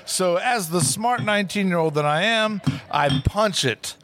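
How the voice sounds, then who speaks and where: A man telling a story in casual chat, animated and acting out the people in it, recorded in a steakhouse booth. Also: high-pitched, a little slow, a little hiss or hum.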